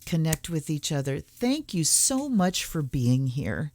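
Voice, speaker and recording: This tarot reader speaks in a low, slightly mellow voice with big swings in pitch. She hosts her channel casually, musing and reading passages aloud, and slows down for blessings.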